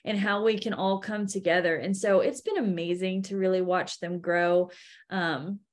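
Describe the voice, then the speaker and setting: A woman in her thirties, a guest on a podcast who co-founded an event, tells animated stories about her daughters and acts out what people said. Her voice is mid-range and her speed normal, in a casual interview chat.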